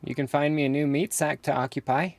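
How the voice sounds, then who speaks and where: A man playing a tabletop game who talks in character in a dry, weary, deadpan way. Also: a little high, fast talker, dry recording. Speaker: player.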